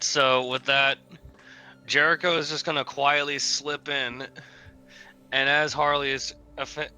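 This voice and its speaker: A man describes his character's moves at a tabletop game, chatty and quick to laugh. His tone is sharp and very bright, with faint music underneath. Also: medium pitch, clean tone, low-quality recording. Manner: chatty, laughs between lines. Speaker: player. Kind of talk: casual tabletop role-play.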